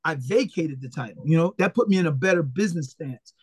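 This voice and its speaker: A man with a notably high speaking voice, recorded close and dry with no room sound. He tells his stories as an interview guest in a blunt, animated way, full of profanity, and slips into the voices of the people he quotes. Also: a little fast, breathy edge, no echo. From Philadelphia, USA. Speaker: retired boxer, interview guest. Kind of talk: casual storytelling interview.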